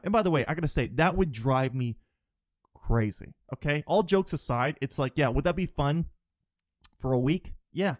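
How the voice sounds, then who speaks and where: A man's voice: a little high, a little mellow, no room sound, studio quality. A young man hosting his own podcast, a stand-up comic ranting loosely and jokingly, swearing and calling the listener dude and bro. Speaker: podcast host and stand-up comedian. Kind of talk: casual solo podcast rant.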